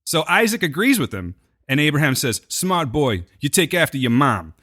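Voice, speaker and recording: A man's voice: on the high side, normal speed. A man co-hosting a podcast, recapping a TV episode in casual chat and acting out the characters' lines. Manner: animated, jokey, acts out quotes. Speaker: podcast co-host.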